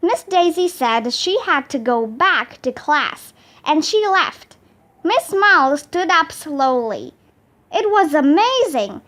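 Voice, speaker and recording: A woman reading a children's chapter book aloud with an expressive, animated delivery. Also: high-pitched, slow. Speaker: storybook reader. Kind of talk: children's storybook read-aloud.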